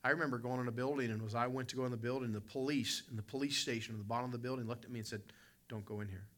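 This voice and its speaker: A man preaching a sermon as pastor, emphatic, surging to loud peaks and then dropping low. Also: fairly even intonation, racing. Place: church service with congregation responding.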